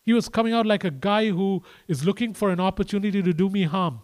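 A man preaching a conversational sermon, swinging between quiet and emphatic delivery and speaking to the crowd as "guys" and "man". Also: high voice, quick pace. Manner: addresses listeners casually as "guys" and "man".

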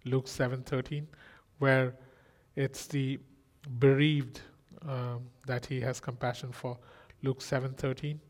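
A man's voice: medium pitch, little pitch movement, takes it slowly. A man preaching a sermon in an earnest style, asking rhetorical questions and exclaiming.

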